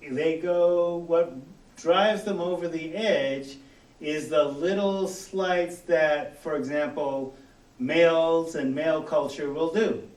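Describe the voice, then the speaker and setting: A man from Los Angeles with a General American accent, giving a relaxed college lecture full of "you know" and quoted exchanges. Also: fairly high pitch, slow. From Los Angeles area, US. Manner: conversational, with many "you know" fillers and quoted dialogue. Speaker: college instructor. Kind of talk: classroom lecture. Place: lecture room. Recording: echoey classroom, mic at a distance.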